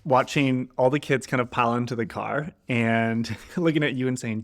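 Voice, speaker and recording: A man from Canada co-hosting a podcast, retelling a chaotic trip in a lively, animated way, acting out quotes and swearing. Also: medium pitch, moderate pace. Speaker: podcast co-host. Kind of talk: casual storytelling chat.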